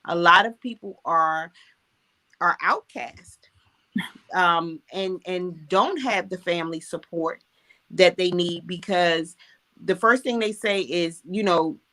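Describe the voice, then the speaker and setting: A woman's voice: on the low side, slow pace, sharp tone. A woman guest talking earnestly in a casual conversation, speaking from her own experience. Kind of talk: casual chat.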